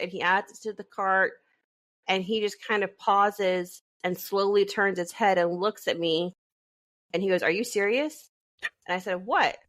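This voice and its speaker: A woman podcast co-host telling a story in casual chat over a video call, animated and laughing as she goes. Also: medium pitch.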